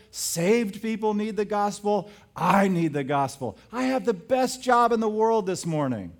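A high-pitched man preaches as a pastor, weaving in stories with acted-out quotes and stressing his points emphatically.

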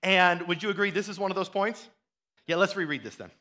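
A pastor preaching a sermon in a conversational way, often restarting his words and building to loud, fired-up stretches. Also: high-pitched, a little fast. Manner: animated preaching that rises to loud, fired-up bursts.

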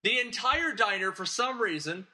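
A man's voice: high-pitched, expressive, moderate pace, bright, forceful tone. A man hosting a podcast, casually recapping a film plot in a rambling, digressive way and chuckling as he talks. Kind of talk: casual chat.

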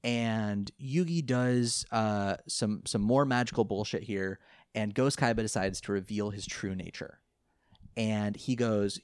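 A man casually recapping an anime episode, rambling and animated, often laughing and quoting the characters. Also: fairly low pitch, measured pace, smooth, no room sound, clean studio sound. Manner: rambling, animated retelling with laughs and quoted lines. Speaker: podcast co-host recapping an anime. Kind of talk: casual chat.

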